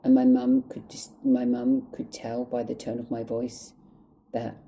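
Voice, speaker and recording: A man's voice: mid-range voice, flat delivery, unhurried, dark tone, slight background noise, low-quality recording. A man telling a story to the camera in an angry, emotional way, swearing a lot and close to tears. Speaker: vlogger. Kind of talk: storytime vlog monologue.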